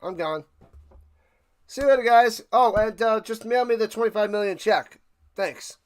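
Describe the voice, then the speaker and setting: A man's voice: high voice, moderate pace, no echo, lightly acted. A man putting on the voice of a smug star quarterback quitting in a huff, in a mocking, dismissive tone.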